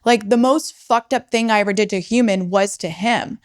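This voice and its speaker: Frank, smooth-voiced young woman. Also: medium pitch, a little fast. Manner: frank, swears freely, animated retelling. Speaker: podcast guest, startup founder. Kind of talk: candid personal storytelling.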